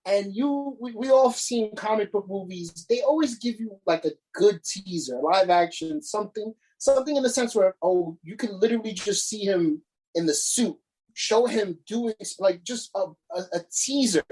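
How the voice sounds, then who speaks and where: A man's voice: high voice, normal speed, darkish tone, husky, low-quality recording. A man co-hosting a casual podcast, ranting with frequent swearing and restarts. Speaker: podcast co-host.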